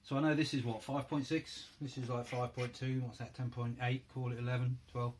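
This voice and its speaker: A man's voice: mid-range voice, flat delivery, brisk, noisy background. A man with a North London accent hosting a casual hands-on crafting tutorial, chatting and thinking aloud as he works in a home workroom. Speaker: crafting video host.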